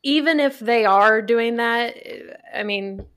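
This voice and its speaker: An American woman co-hosting a casual podcast chat, talkative and quick to laugh. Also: fairly high pitch, a bit bright, clear, resonant tone. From United States. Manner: chatty, laughs often. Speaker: podcast co-host.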